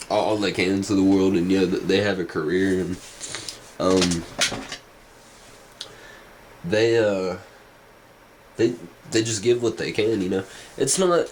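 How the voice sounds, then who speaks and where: Casting: low-pitched man, slow drawling vlog ramble, faint background hiss. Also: rough recording. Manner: hesitant, many fillers and restarts. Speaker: vlogger. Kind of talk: casual rambling commentary.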